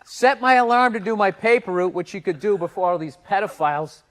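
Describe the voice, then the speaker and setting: A man's voice: high voice, expressive, a little fast. A man co-hosting a podcast, swearing freely and breaking into laughter as he tells a long family story. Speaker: podcast co-host. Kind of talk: casual chat.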